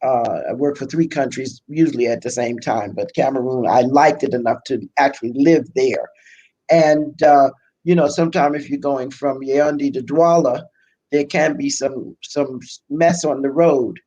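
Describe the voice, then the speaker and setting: An older woman with a Brooklyn accent, chatting as an interview guest, self-deprecating and quick to laugh. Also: rumbling low, mellow, breathy edge, highs cut off. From Brooklyn, United States. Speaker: pastor and biblical scholar, guest. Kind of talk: casual conversational interview.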